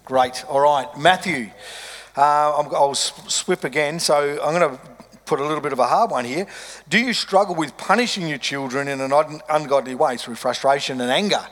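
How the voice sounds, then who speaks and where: A man's voice: a little high, normal speed, fairly bright tone. Encouraging male host, reverberant room. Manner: affirming and encouraging. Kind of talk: interviewing a guest.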